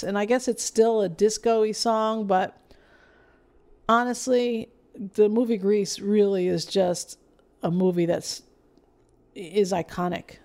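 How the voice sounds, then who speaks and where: A woman's voice: mid-range voice, darkish tone. A woman co-hosting a casual film podcast, rambling through award lists with lots of fillers. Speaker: podcast co-host. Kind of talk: casual film review chat.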